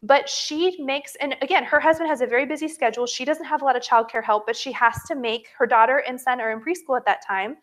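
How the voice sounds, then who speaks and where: A woman in her thirties leading a motivational training talk for her sales team, telling stories in a chatty, animated way and calling her listeners "you guys.". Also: high-pitched, fast, hardly any pauses. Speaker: direct-sales team leader.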